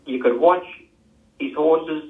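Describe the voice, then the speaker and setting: A man's voice: fairly high pitch, slow. An older Australian man, a retired jockey, telling rambling stories and acting out what others said. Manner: rambling, repeats himself, acts out quotes. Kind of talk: casual storytelling. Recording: echoey, tinny phone-like sound.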